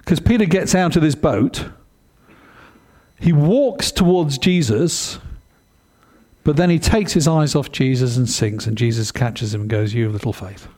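A man preaches a sermon in a lively, conversational style, frequently putting questions to his listeners. His pitch is fairly high and his pace unhurried.

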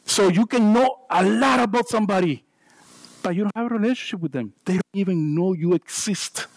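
A man's voice: high-pitched, a little fast, creaky, no room sound, poor audio. A man with a non-native English accent preaching a sermon in church, joking about himself and restarting his sentences often. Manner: self-deprecating, jokey asides, stammering restarts.

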